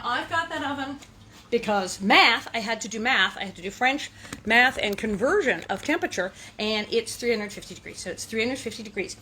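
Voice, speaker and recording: A woman with a slightly high voice hosts a relaxed cooking demonstration in her kitchen. She chats playfully and drifts into sing-song asides as she works. A faint hum of background noise sits under her voice. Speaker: cooking show host.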